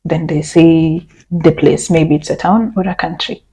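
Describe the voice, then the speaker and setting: A woman's voice: low-pitched, fairly even intonation, measured pace, vocal fry, dark tone, slightly rough, highs cut off. A woman from Kenya teaching a beginner French lesson, patiently explaining and repeating example phrases step by step. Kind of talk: language lesson.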